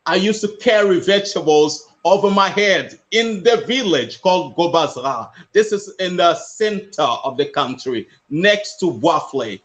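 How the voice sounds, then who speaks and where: A man from West Africa tells his own story as a motivational speaker. His voice sits high for a man and swings widely in pitch. He speaks slowly and earnestly, and he repeats his key phrases for weight. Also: expressive. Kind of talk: personal storytelling.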